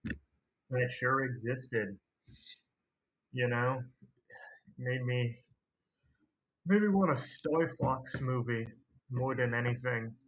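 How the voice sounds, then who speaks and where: Husky man rambling through a review. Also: medium pitch, takes it slowly, long pauses, a bit bright. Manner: rambling, slangy, sarcastic. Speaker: video host reviewing a movie. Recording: dull lo-fi recording.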